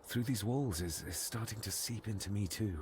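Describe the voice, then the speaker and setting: A man playing a deep-voiced brooding young man. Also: normal speed, slight background noise, lightly acted. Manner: earnest, brooding, quietly anxious. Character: troubled young man uncovering dark family secrets. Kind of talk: video game voice acting.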